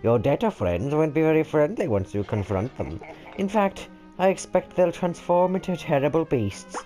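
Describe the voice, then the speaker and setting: A British man voicing a wise old male kettle who gives slow, fatherly instructions in a cartoon game's story. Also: a little high, very animated, mellow, soft background music, voice pushed up. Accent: British English.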